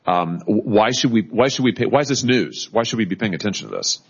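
A man chairing a formal hearing who questions witnesses in halting speech full of restarts. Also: on the low side, expressive, creaky, slightly rough, highs cut off.

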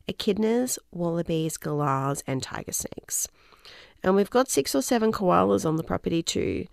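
A woman's voice: on the low side, vocal fry, darkish tone, no room sound, studio quality. A woman co-presenting a radio show, reading a magazine column aloud in a chatty way with small slips. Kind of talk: reading a newspaper column on air. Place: radio studio.

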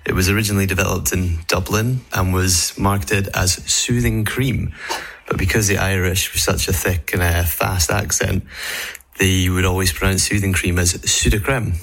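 A man's voice: low voice, flat delivery, moderate pace, vocal fry, a bit bright. A man from Scotland with a Scottish accent, leaving a joking voice message for the show while a child babbles nearby. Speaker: caller. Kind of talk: recorded voice message.

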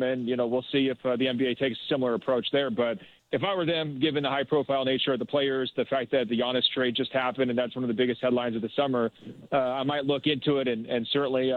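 A man's voice: medium pitch, dry recording. Male phone-in guest, hesitant and filler-heavy, tinny phone line. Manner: hesitant, many fillers and restarts. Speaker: sports writer guest. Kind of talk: phone-in radio interview.

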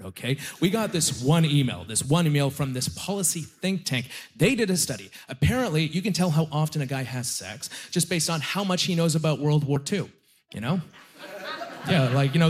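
A man from Nova Scotia doing stand-up on a comedy stage, speaking in a voice that sits a little high for a man. He talks into a handheld mic in an animated, joking way and peppers his lines with "like" and "you know.". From Halifax, Nova Scotia, Canada. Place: comedy stage before a live audience.

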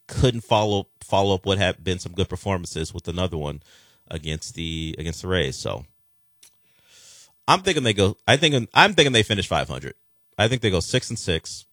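A man's voice: low voice, a bit bright, no room sound, studio quality. A man hosting a sports talk radio show, chatting casually and rambling with frequent restarts.

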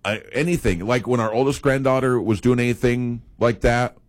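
A man's voice: mid-range voice, fairly even intonation, normal speed, no room sound. An older man chatting casually as a co-host, telling rambling stories full of restarts and asides. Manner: rambling, loose storytelling with many restarts. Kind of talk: casual chat.

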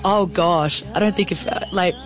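A woman in an archival clip, excitedly recounting a performance she gave on stage. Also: lowish voice, moderate pace, faint music behind. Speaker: singer recalling a performance.

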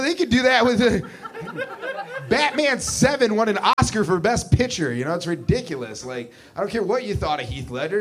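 A man doing a wry, conversational stand-up set with sarcastic asides. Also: sits high. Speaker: stand-up comedian.

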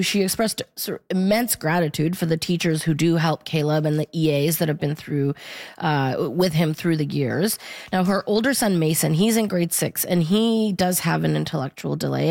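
A woman reporter with a low voice and a gravelly edge, recounting families' stories in a measured, informative way. The sound is close and dry. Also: a little mellow, no echo. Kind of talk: radio report in conversation.

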